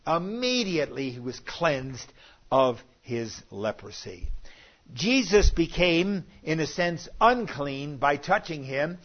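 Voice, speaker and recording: Preacher man, swinging hushed to loud. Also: a little high, muffled recording. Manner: swings between soft hushed lines and loud emphatic bursts. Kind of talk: sermon.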